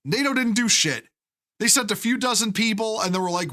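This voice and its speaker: A man's voice: sits high, lively intonation, pushed and bright. Heated, profane man ranting. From United States. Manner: profane, heated, halting restarts. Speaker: live streamer. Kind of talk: ranting live stream commentary.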